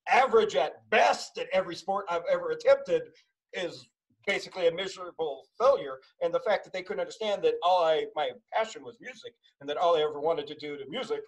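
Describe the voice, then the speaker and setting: High-voiced male podcast host. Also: expressive, brisk, rough recording. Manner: earnest, relating personal stories. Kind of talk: casual conversation.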